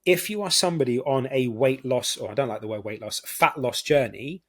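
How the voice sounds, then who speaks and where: Earnest man explaining, slowing for emphasis. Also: mid-range voice. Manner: earnest explainer, slows to stress key words. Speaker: guest health consultant. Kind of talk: casual interview chat.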